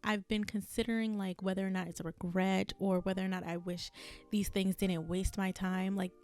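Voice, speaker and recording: A young woman hosts a solo podcast over soft background music, speaking at normal speed in a medium-pitched, level voice with a darkish tone. She vents candidly and rambles, swearing freely and laughing at herself. Her voice is strained and her vocal cords burn after a long day of recording.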